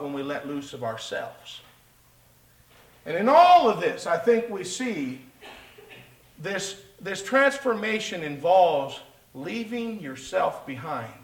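Guy preaching a sermon, kinda high voice, lots of church echo, asks the crowd questions and swings up and down. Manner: emphatic, rises high to voice Peter, drops low and soft for Jesus; asks the congregation rhetorical questions.

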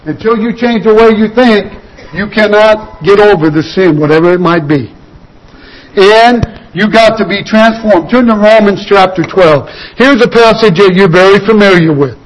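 A man preaching a sermon, exhorting his listeners with repeated phrases and dropping slower and quieter on key points. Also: sits high, low-quality recording. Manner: earnest exhortation with repeated "you've got to" phrases.

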